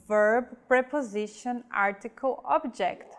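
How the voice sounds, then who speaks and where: A woman with a slightly high voice gives a scripted pronunciation lesson. She speaks slowly and carefully, pausing over each example word as if spelling it out for a beginner. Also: expressive. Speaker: language teacher.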